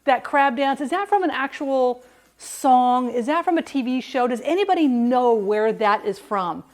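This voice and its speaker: A woman's voice: high-pitched, animated, normal speed, darkish tone. A woman hosting a casual cooking livestream from her kitchen, chatting to viewers, humming and singing along, and laughing often.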